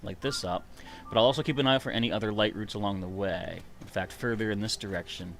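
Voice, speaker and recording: A man giving live gameplay commentary, excitable and chatty, reading out viewer comments. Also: lowish voice, quick pace, a little hiss or hum. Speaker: streamer playing a video game.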